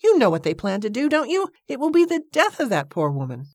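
A woman's voice: on the high side, wildly swooping pitch, a little fast, darkish tone, no room sound, studio quality, voice pushed up, full character voice. A woman reading as a grumbling, stubborn Scottish man. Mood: grumbling, exasperated. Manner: grumbling, obstinate. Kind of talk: audiobook character reading.

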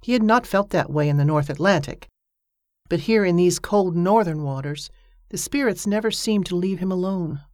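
Woman narrating a story, low-pitched and dry. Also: normal speed, dry recording. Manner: steady storytelling voice, lifting pitch for characters' dialogue. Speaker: audiobook narrator. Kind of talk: scripted narration.

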